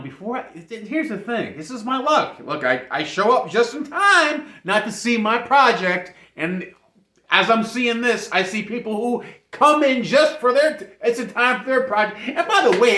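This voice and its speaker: An animated man spinning a comic story to camera, laughing often and insisting he isn't making any of it up. His voice sits a little higher than most men's. The sound is roomy and echoey. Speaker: vlogger. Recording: roomy echo.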